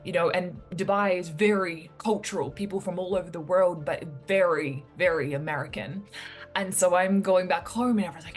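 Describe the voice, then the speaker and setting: Young New woman, mentor type, low-set earnest voice, faint music underneath. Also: normal speed. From New Zealand. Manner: earnest, animated when quoting others. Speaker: mentor and entrepreneur. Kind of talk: reflective personal story to camera.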